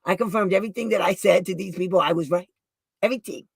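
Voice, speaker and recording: A woman's voice: lowish voice, fast talker, vocal fry, breathy edge, dry recording. Chatty, rambling woman advocate, dry sound. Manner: chatty and rambling, with asides, restarts and laughs. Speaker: special education advocate and show host. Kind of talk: casual storytelling livestream talk.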